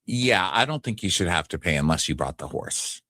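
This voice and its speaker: Sarcastic guy cohost, lowish voice but lively, dry close sound. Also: a little fast, no echo. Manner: blunt, sarcastic, swears casually. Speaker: podcast co-host. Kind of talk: casual recap chat.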